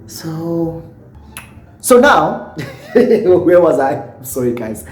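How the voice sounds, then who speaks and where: A man's voice: a little high, big pitch swings, drawn-out words. Tipsy south african guy doing a storytime vlog, acts out all the quotes, echoey room. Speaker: YouTuber.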